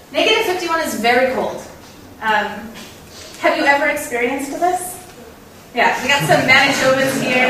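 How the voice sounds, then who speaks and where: A woman's voice: a little high, fairly bright tone, a little hiss or hum. Chatty young woman, echoey hall. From North Dakota, USA. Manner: chatty, asks the audience questions, laughs often. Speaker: speaker giving a talk. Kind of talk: casual presentation to an audience. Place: lecture room with audience. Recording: echoey hall, mic at a distance.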